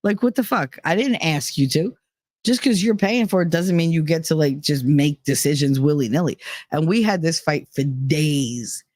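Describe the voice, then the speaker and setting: A woman hosting a podcast, telling a personal story in a casual, profane way and acting out the people she quotes with sudden jumps in pitch. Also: moderate pace, darkish tone, no room sound. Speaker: podcast host.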